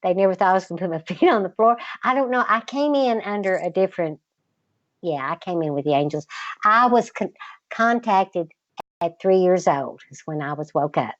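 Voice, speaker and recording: Older woman, Southern drawl, unhurried, slightly girlish tone, dry and dull recording. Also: fairly low pitch, lively intonation, dry recording. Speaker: guest. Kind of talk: casual interview chat.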